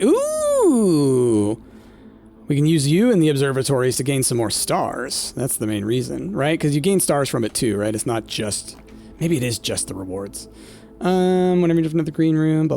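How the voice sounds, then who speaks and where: A man's voice: mid-range voice, creaky, darkish tone. A man casually commenting on his gameplay, thinking aloud with lots of fillers and talking to his chat. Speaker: gameplay streamer. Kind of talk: casual let's-play commentary.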